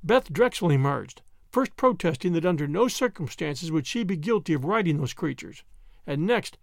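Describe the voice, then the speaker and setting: A man reading an audiobook aloud with lively, swinging intonation. His voice sits high and carries a gravelly rasp. The recording is dry and close. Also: normal speed, dry recording. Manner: animated reading. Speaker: narrator. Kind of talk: audiobook narration.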